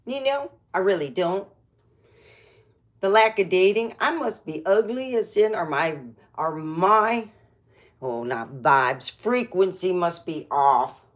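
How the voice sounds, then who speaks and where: A woman's voice: on the low side, lively intonation, takes it slowly. A middle-aged woman doing a rambling, meandering stand-up style comedy monologue, chatty and full of restarts.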